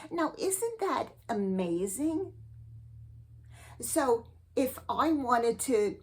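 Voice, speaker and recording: A woman hosting a spiritual advice show, giving a slow, earnest and sweetly eccentric comic monologue. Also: a little high, very animated, darkish tone, breathy edge.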